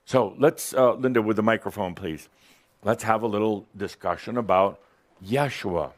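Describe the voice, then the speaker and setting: A man's voice: on the low side, moderate pace. A man giving a playful, provocative spiritual teaching talk to a live audience in a workshop room, laughing often.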